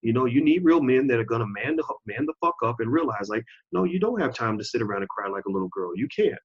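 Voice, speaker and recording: A man's voice: medium pitch, animated, fast, breathy edge. A man in his forties hosting his own channel, delivering an emphatic, preachy opinion monologue and repeating phrases for stress. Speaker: channel host. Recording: dull lo-fi recording.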